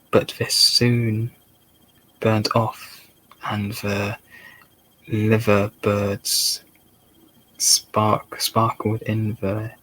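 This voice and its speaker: Slow, gravelly Dorset man reading aloud. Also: fairly low pitch, fairly bright tone, low-quality recording. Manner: halting, rereads and sounds out words. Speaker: channel host reading a book aloud. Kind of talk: slow ASMR book reading.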